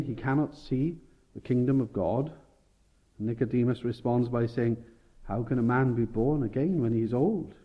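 Guy preaching a sermon, builds up loud on key points, kinda dull lo-fi sound. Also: mid-range voice. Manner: expository, rising with emphasis, self-correcting.

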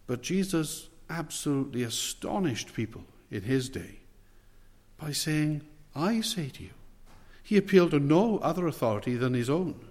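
Male preacher, sermon delivery, measured and emphatic, long hall reverb. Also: a little high, expressive, darkish tone. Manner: measured, emphatic preaching with slow stressed phrases.

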